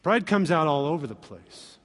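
High-voiced preacher in a reverberant hall. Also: male voice, moderate pace. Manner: animated, acts out quoted voices. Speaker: pastor. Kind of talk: sermon.

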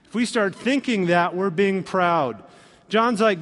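High-voiced preacher in a reverberant hall. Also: male voice, a little slow. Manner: animated, acts out quoted voices with humor. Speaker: pastor. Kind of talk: sermon.

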